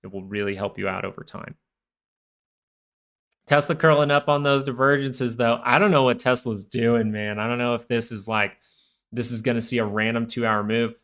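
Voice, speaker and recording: A man's voice: medium pitch, steady tone, normal speed, a bit bright. A young man hosting a live stock market stream, rambling through casual chart commentary full of fillers and goofy asides.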